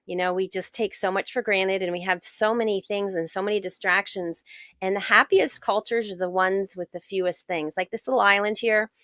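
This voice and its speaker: An American woman, middle-aged, a guest author and sailor telling her story in a casual interview, animated and acting out what others said. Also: medium pitch, no room sound. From United States. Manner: animated, acts out quoted dialogue.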